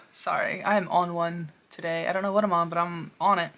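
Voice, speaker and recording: A young woman hosting a music reaction video, excitable and then softly confessional, talking at home. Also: lowish voice, normal speed, hardly any pauses. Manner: excitable, swings to soft confessional talk. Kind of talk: casual reaction commentary.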